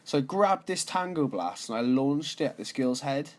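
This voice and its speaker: A man's voice: medium pitch, expressive, normal speed, slight background noise. A young man casually telling a rambling, sweary story as a vlogger. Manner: laid-back, sweary, rambling.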